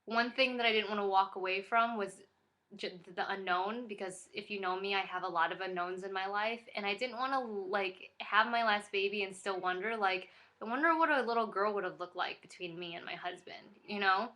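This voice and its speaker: A woman's voice: mid-range voice, moderate pace, pushed and bright. A young woman vlogging casually to camera, gushing and giddy with lots of fillers.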